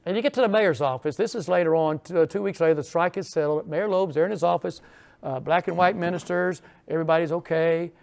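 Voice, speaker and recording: A man's voice: a little high, quick pace, creaky. An older man, giving an informal history lecture with folksy asides and rhetorical questions. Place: lecture hall.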